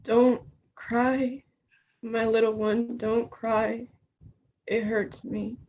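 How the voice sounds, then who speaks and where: An actress playing a tender elder sister who consoles and gives soothing, measured advice. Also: female voice, fairly high pitch, flat delivery, highs cut off, a little hiss or hum. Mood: consoling. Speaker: student actor. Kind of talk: stage drama dialogue.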